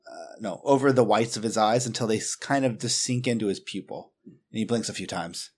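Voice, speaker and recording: Man at the table, halting description. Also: fairly low pitch, husky. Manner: halting, self-correcting. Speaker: player.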